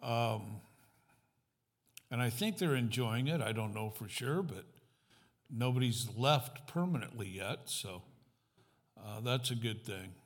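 A man's voice: mid-range voice, expressive, takes it slowly, pauses often. A man as guest pastor giving a sermon in a church, conversational, putting questions to the congregation, with light self-deprecating humor. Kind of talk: sermon with a joke opener.

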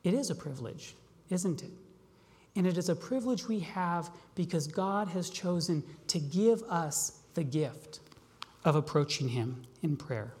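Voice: medium pitch, lively intonation, darkish tone. Pastor preaching in a reverberant hall. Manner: asks rhetorical questions and slows down on key phrases. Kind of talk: sermon. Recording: long reverb of a large hall.

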